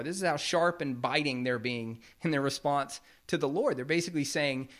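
A man's voice: medium pitch, a little fast, few pauses, fairly bright tone. Man preaching a conversational sermon. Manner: conversational, explains scripture plainly. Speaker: pastor.

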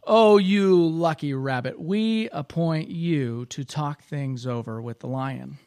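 A man's voice: high-pitched, measured pace. A man voicing the sly big animals. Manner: sly, coaxing, then exclaiming.

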